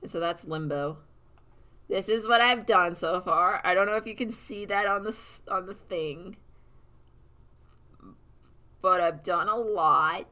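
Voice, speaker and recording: Bright-voiced giggly woman streaming. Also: fairly low pitch, unhurried, long pauses. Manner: giggly, chatty, swears freely. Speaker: animator streaming her work. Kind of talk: casual live-stream chat. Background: song playing faintly.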